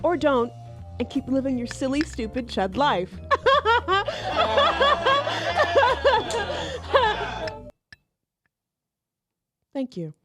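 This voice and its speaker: A woman's voice: high-pitched, normal speed, darkish tone. A woman host reading the show's scripted intro, with teasing, joking asides between the lines. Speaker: podcast host. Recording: faint music behind.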